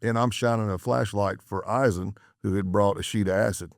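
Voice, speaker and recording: A middle-aged American man with a very low, gravelly voice tells a long story as a guest on a podcast. He acts out the lines of the people he quotes, and his voice sits close to a dry studio mic. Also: normal speed, no echo. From United States. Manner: animated storyteller acting out quoted dialogue. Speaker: former undercover FBI agent, podcast guest.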